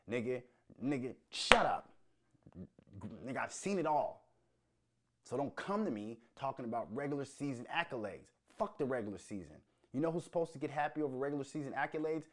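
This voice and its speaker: A man from Minnesota hosting his own show, ranting about sports with heavy profanity and rising heat. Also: mid-range voice. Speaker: show host.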